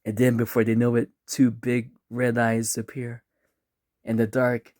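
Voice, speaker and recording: A man telling a spooky, funny story in a relaxed, chatty way, acting out bits as he goes. He speaks slowly at a mid pitch. The sound is dry and close. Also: no echo. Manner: laid-back, chatty, acts out voices. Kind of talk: casual storytelling.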